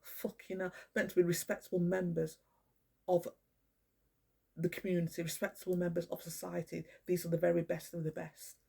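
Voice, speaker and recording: An older speaker with a gravelly, dark voice that has a husky edge. The talk is a rambling monologue, emphatic and full of profanity. It is halting, with frequent restarts and repeated phrases. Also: medium pitch, flat delivery.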